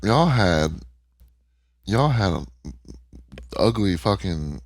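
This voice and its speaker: Creaky-voiced man telling a story. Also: deep voice, slow, no room sound, clean studio sound. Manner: animated, profane storytelling. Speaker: podcast co-host. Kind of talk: casual podcast chat.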